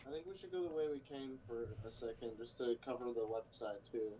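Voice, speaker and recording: A man's voice: medium pitch, lively intonation, brisk, highs cut off. A man playing a tabletop game, hesitant and full of ums as he asks about the rules. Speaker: player. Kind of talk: casual tabletop play. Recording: distant mic with crowd noise.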